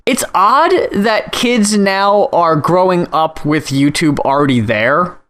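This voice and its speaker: A man's voice: sits high, lively intonation, slow pace, a bit bright. A young man hosting a podcast in casual chat, blunt and profane, acting out other people's reactions as he tells stories. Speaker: podcast host.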